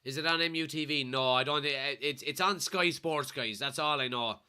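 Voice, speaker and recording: An Irish man from Kilkenny with a blocked nose from a cold, excitedly commenting live on a football match and reading out chat messages as a watchalong streamer. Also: a little high, normal speed, clean tone. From Kilkenny, Ireland. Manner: excitable, shouts at players and referee.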